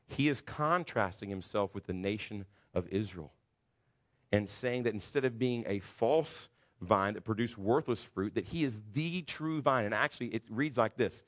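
A man's voice: lowish voice, moderate pace. A man preaching an expository sermon, earnest, with frequent restarts as he walks through the verses. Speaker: pastor.

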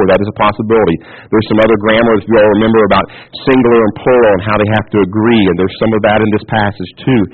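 A pastor preaching a sermon in a teacherly way, often checking in with the congregation. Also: male voice, on the low side, breathy edge. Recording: tinny phone-like audio.

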